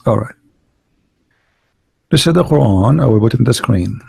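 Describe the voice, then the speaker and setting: A man's voice: medium pitch, lively intonation, moderate pace, gravelly, warm tone, breathy edge, no echo. A man hosting a casual online debate call, hesitant and repeating words, turning confrontational about his opponents.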